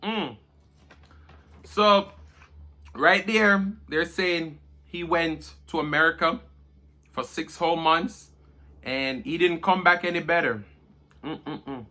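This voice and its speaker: A man's voice: fairly high pitch, slow, sharp tone. A Jamaican man chatting casually during a food-review mukbang, humming and murmuring between bites.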